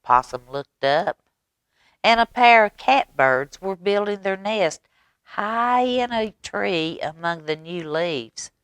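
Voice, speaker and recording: A woman reading a story aloud to children at storytime, with gentle animated asides. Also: medium pitch, slow pace, clear, resonant tone, no echo.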